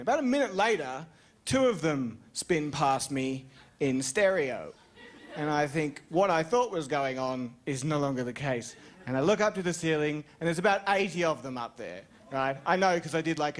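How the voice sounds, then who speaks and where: A young Australian man telling a rambling, self-mocking story on stage as a stand-up comedian. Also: a little hiss or hum. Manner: rambling, self-mocking storytelling with sudden high-pitched jumps.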